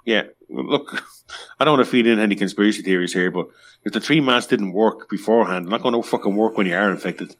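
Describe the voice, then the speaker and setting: A man's voice: lowish voice, fast. A man co-hosting a podcast in casual chat, joking, swearing and reading news items aloud. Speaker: podcast co-host.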